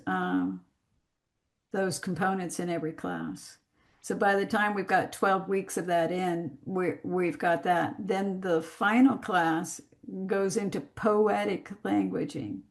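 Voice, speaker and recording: A woman teaching an online master class, speaking slowly and deliberately with pauses. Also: mid-range voice, creaky. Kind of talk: live online class talk. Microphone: video call.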